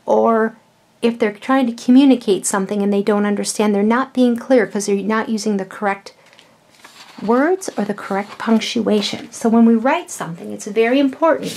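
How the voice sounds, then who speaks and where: A middle-aged woman, a mother, patiently explaining vowels and punctuation to young children, with slow, drawn-out words. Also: mid-range voice, a little mellow, a little hiss or hum. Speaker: children's educational video host.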